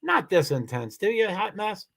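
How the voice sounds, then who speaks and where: Man, livestream host, a touch higher-pitched, halting casual delivery, insistent streak. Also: big pitch swings, a bit bright. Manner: halting, many restarts, firm and insistent when annoyed. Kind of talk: casual livestream chat reading comments.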